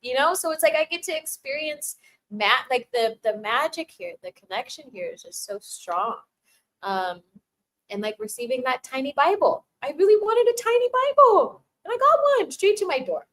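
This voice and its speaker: A woman chatting casually to her livestream audience, her voice sitting a little high. She laughs often, restarts sentences and scatters filler words as she reads out and answers viewers' messages. The talk runs loose and conversational. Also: animated, normal speed, rough recording. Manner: warmly thanks viewers reading chat. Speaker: livestream host answering chat. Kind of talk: casual chat.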